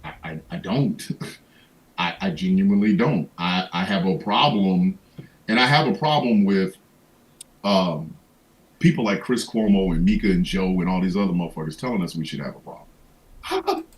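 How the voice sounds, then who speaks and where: A man hosting a casual livestream, his voice sitting a bit low but leaping widely in pitch as he rants. He swears constantly and stumbles through restarts, full of comic indignation. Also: normal speed, rough recording. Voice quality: profane, animated, stammering restarts. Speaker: livestream host. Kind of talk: casual comedic rant.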